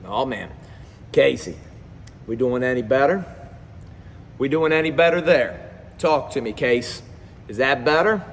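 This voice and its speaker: A man giving a live-streamed motivational talk as a performance coach, energetic and speaking straight to his viewers, often repeating phrases. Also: medium pitch, moderate pace, pauses often, long reverb tail, a little hiss or hum.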